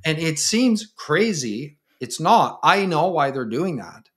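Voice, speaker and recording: A man's voice: fairly high pitch, very animated, slow, a bit bright. Blunt, straight-talking man. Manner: blunt, straightforward, acts out quoted voices. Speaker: podcast host, counselor. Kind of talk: casual conversational interview.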